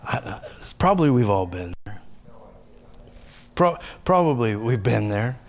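A middle-aged man, a pastor, preaching a conversational sermon that swings between loud raised passages and hushed asides. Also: medium pitch, very animated, unhurried.

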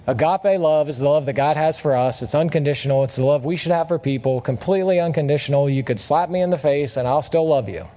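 A man's voice: fairly high pitch, darkish tone. A man preaching a sermon in a friendly, conversational way, often asking the congregation questions. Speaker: guest preacher. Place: church service.

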